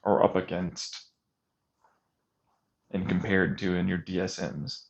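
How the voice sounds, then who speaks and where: A man's voice: deep voice, steady tone, slow pace. Ranting man on a dull recording. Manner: agitated, ranting, sarcastic. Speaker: vlogger. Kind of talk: intense monologue rant.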